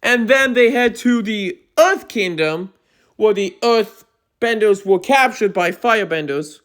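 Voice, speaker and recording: A young adult woman giving an exasperated movie review rant. She speaks emphatically and often breaks into shouting. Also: mid-range voice, expressive, measured pace.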